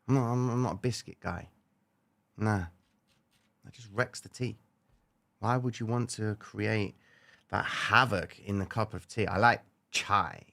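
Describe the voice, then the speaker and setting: A man hosts a live trading stream from his desk mic. His voice is mid-pitched and his delivery is animated but relaxed, talking straight to the viewers and reading off price levels as he goes. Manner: casual, animated, talks straight to viewers with frequent "okay?". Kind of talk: live market commentary chatting with viewers.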